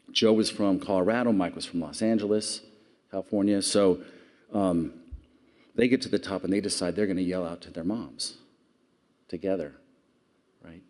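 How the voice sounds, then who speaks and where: A man's voice: fairly low pitch, warm tone. A man giving an earnest public speech, telling stories and asking the audience questions. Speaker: award speaker.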